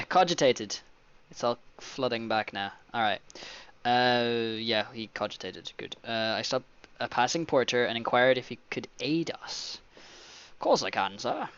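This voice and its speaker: A man hosting a casual let's play, reading the story text aloud and breaking off into joking, excitable asides. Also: mid-range voice, clean tone, highs cut off.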